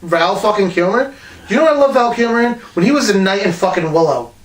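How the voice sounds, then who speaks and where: A man's voice: sits high, lively intonation, quick pace. A man co-hosting a casual podcast, talking animatedly and swearing constantly. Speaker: podcast co-host. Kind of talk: casual profane banter. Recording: roomy, distant mic.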